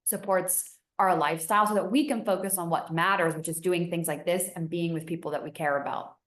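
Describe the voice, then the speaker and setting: A young woman, a business founder and podcast guest, telling stories in a chatty, animated way with many fillers, her voice rising when she gets excited. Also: lowish voice, fairly quick. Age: young adult. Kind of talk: casual interview storytelling. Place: home in Costa Rica. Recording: echoey room.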